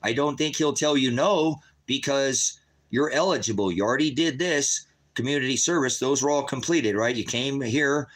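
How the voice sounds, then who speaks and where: A man, a father and host, ranting angrily with heavy profanity and sudden rises in pitch. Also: a bit bright. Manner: profane, heated, rapid shifts in pitch. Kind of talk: angry livestream rant.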